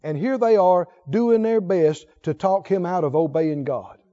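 A man's voice: high voice, a little slow, dark tone. A male preacher delivering a fervent sermon, exhorting and calling on the congregation to answer back. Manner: fervent, exhorting, calls for audience response. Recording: dull lo-fi recording.

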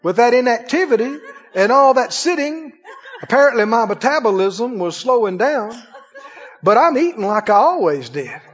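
A man's voice: very high voice, big pitch swings, moderate pace. A man preaching a sermon, chuckling often and asking the congregation questions. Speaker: pastor. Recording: dull, lo-fi sound in a reverberant hall.

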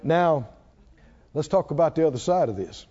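A man's voice: a little high, lively intonation, moderate pace, mellow, breathy edge, long reverb tail, dull audio. A man preaching a sermon, firing questions at his congregation and pressing them with emphatic, chuckling delivery. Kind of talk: sermon with call-and-response.

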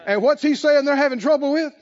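Preacher guy with a real high voice, keeps asking the congregation questions and chuckling, dull lo-fi recording. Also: fast talker. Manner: asks the congregation questions and chuckles between points. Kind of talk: conversational sermon.

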